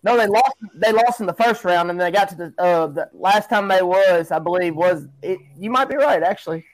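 Man, 30s, high voice, podcast co-host, casual emphatic sports talk. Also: normal speed, no room sound, poor audio. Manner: animated, emphatic, talks over others. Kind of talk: casual chat about football.

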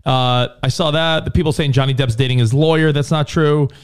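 A man co-hosting a casual radio talk show, chatty and quick, often tripping over his words. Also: fairly high pitch, steady tone, smooth. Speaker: co-host.

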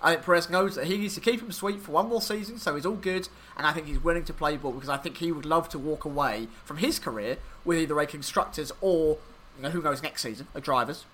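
A man co-hosting a podcast, talking through his racing analysis in a rambling, animated way with many fillers. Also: fairly high pitch, fast, a little hiss or hum. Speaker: podcast co-host. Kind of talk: casual motorsport podcast chat.

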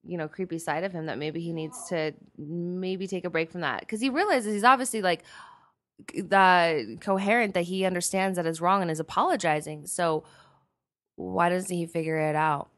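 Woman, podcast co-host, casual chat, hedging, lower pitch. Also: moderate pace.

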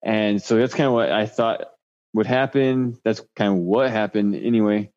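A man's voice: on the low side, steady tone, moderate pace, a little mellow. A man telling his story as a guest in a casual interview, laid-back and rambling. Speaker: guest recounting a cougar encounter. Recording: dull lo-fi sound.

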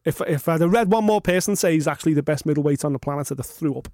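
Podcast host, man, high voice, animated sweary ranting, dry mic. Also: rapid-fire, no room sound. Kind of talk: casual chat.

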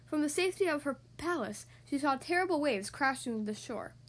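High-pitched female host reading picture books aloud to children, expressive. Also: a little fast. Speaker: podcast host and reader.

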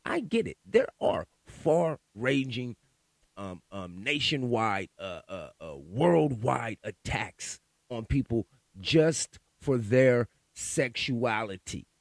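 A man hosting his own podcast delivers a profane, heated monologue with lots of repeated words. His pitch swings widely as he talks. The sound is close and dry, with no room around it. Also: slow pace, gravelly, no echo. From Sacramento, California. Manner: profane, animated, repeats words when worked up. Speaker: podcast host. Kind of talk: ranting monologue.

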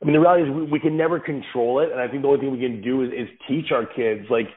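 A man's voice: medium pitch, racing. A man being interviewed as a guest on a parenting podcast, speaking in an earnest, reflective way and explaining his views with everyday examples. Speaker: podcast guest, father of several kids. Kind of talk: casual interview answers. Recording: tinny phone-like line.

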